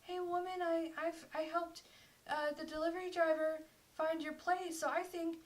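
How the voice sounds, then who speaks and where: A woman's voice: very high-pitched, little pitch movement, normal speed, voice pushed up. A woman voicing a pushy, boastful drunk man who stumbles over his words and repeats himself.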